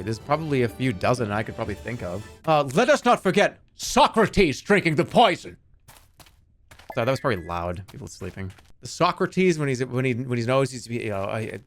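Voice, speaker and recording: A man streaming a game, chatting casually with his chat in an animated, joking way. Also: mid-range voice.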